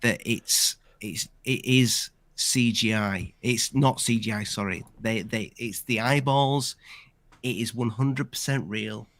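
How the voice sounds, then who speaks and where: A man's voice: mid-range voice, slow pace, a bit bright. A man hosting a casual live discussion, chatting in a rambling way with many restarts. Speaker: channel host.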